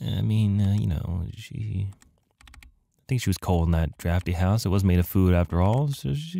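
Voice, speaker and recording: Low-voiced jokey man playing a game. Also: lively intonation, normal speed, gravelly, long pauses, mellow, no echo. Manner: jokey, self-mocking, reads game text aloud. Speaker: gamer playing through an adventure game. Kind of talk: let's play commentary.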